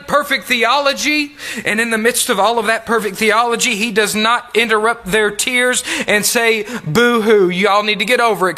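A man preaching a sermon, reading King James scripture aloud and repeating key phrases for emphasis, sometimes dropping to a soft, low voice. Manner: reads King James verses then comments with emphatic repetition; drops to soft, low tones in tender appeals.

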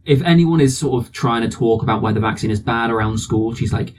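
A man's voice: mid-range voice, fairly quick. Host, man, casual and self-deprecating; slight background hiss. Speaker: podcast host. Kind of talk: casual chat.

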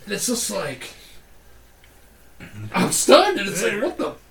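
A man, a podcast guest, telling profane bar stories in an animated, casual way. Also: high-pitched, slow, vocal fry, reverberant, a crowd in the background. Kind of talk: casual storytelling.

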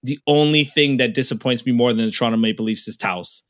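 A man's voice: medium pitch, quick pace. A young man co-hosting a casual podcast, telling stories animatedly, acting out arguments and swearing freely. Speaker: podcast co-host.

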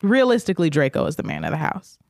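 A woman's voice: sits low, huge pitch swings, fast, gravelly, no echo. Woman, drunk, podcast co-host, crude, joking, dry. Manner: crude, joking, loud laughs. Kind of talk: casual drunk chat.

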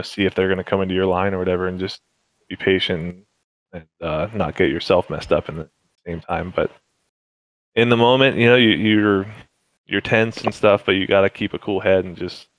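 A man's voice: low voice, steady tone, normal speed, dry recording, low-quality recording. A man, a racing driver, talking casually through a race with many fillers and restarts. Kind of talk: casual interview chat.

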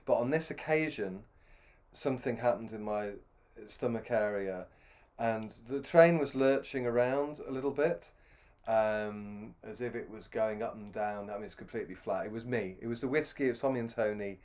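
A man's voice: lowish voice, moderate pace, darkish tone. A middle-aged man telling a long, self-deprecating anecdote with many restarts. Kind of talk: anecdotal storytelling.

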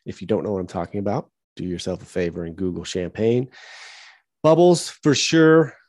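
A man's voice: sits low, quick pace, dark tone, no echo. A man co-hosting a podcast in casual chat with dry, wry humor. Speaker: podcast co-host.

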